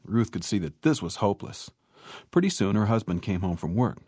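A man telling a folksy story, animated, acting out the people and animals in it. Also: fairly low pitch, a little fast, breathy edge, no room sound, clean studio sound. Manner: animated, acts out characters.

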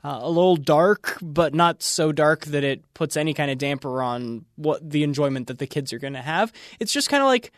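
A man's voice: a little high, lively intonation, normal speed, few pauses, dry recording, studio quality. A man co-hosting an entertainment chat, reviewing films in an enthusiastic, explanatory way. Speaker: co-host, film reviewer. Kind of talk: casual entertainment news chat.

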